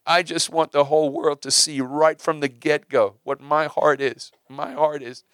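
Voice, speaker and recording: A man's voice: fairly high pitch, steady tone, measured pace, a bit bright, clear, resonant tone, no room sound, voice pushed up. A man voicing God as he addresses Abraham in a sermon, speaking earnestly and emphatically.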